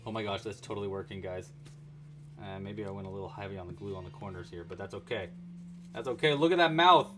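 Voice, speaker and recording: A man's voice: deep voice, quick pace, over music. A man hosting a casual crochet livestream tutorial, narrating his own handiwork with chatty, playful asides to viewers. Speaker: crochet instructor.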